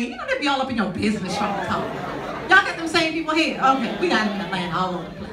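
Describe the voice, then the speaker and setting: Sassy woman comedian with a lively voice. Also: high-pitched, very fast. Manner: sassy, conversational, teases the audience. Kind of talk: stand-up comedy set. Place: stage before a live audience in a large hall. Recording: echoey hall with crowd noise, mic at a distance.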